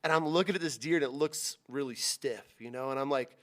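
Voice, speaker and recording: A man from Utah, a hunting guide, telling a wild hunting story as a podcast guest in loose, swearing casual chat, acting out the lines with sudden jumps and hushed whispers. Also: fairly quick. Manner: animated, swearing, acts out quotes with big pitch jumps and whispers.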